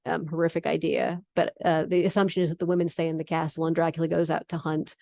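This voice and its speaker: A woman giving a lecture on vampire literature, explaining in a relaxed way with frequent ums. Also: low voice, fast, creaky, no echo. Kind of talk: lecture with readings from a novel.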